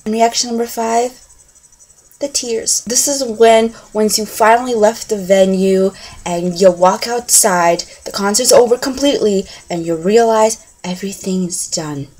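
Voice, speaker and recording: A woman's voice: mid-range voice, a little slow, a little hiss or hum. A young woman vlogging to her camera in a casual, chatty way, full of fillers and repeated words, acting out reactions with gasps. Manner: animated, acts out fan reactions with gasps.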